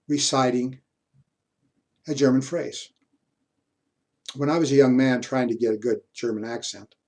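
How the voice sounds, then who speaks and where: A man's voice: medium pitch, darkish tone. Older male history lecturer, reflective. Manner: reflective, repeats words when searching for them. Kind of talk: personal anecdote in a lecture.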